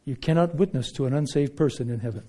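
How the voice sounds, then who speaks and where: Delivering an emphatic sermon at a quick pace, a man alternates loud declarations with hushed asides. His mid-range voice sounds slightly rough.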